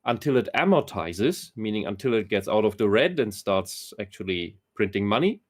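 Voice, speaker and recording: A man's voice: on the low side, very animated, normal speed. A man from Germany, a podcast guest who talks bluntly and opinionatedly and swears. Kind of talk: casual conversation.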